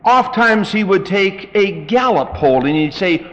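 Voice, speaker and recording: A man's voice: sits high, animated, measured pace, few pauses, a bit bright, dull audio. A male pastor preaching a sermon in a folksy, emphatic and dramatic way, in a reverberant church hall.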